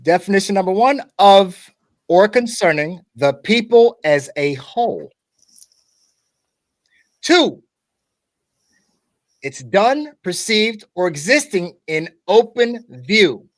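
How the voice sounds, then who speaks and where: With a high, sing-song voice, slow pace, and frequent pauses, a man from the United States hosts a podcast in casual discussion. His loose, conversational style features many restarts and "okay?" asides.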